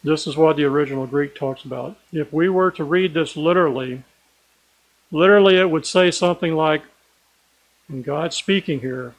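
Man, sermon, earnest preacher, slightly raised pitch, emphatic slowed phrases. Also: poor audio. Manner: earnest, slows and stresses key words.

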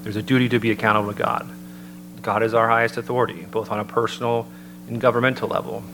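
A man's voice: mid-range voice, little pitch movement. Earnest man preaching over a hum. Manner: measured, earnest, citing scripture. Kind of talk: sermon-style talk. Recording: noticeable background hum.

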